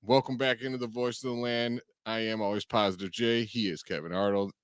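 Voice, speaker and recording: Laid-back low-voiced radio host. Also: male voice, steady tone, fairly quick, dry recording, studio quality. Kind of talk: sports talk radio.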